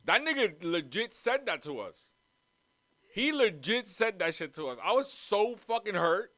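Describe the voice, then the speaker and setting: A man's voice: high voice, sing-song, measured pace, sharp tone, no echo. A man hosting a casual podcast from home, rambling and swearing freely as he jumps between topics and drifts around the mic. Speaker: podcast host. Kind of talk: casual chat. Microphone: moves around the mic.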